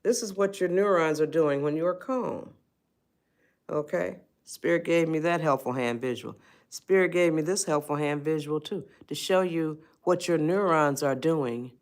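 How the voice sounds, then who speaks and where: Hosting a live stream, a woman with a deep voice gives an emphatic motivational talk at a measured pace. She calls her viewers y'all and keeps checking in with "you see?".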